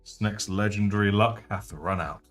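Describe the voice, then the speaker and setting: A man with a baritone voice hosting a casual painting livestream, chatty and jokey, thanking viewers as he works. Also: normal speed, fairly bright tone, faint music behind. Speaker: livestream host.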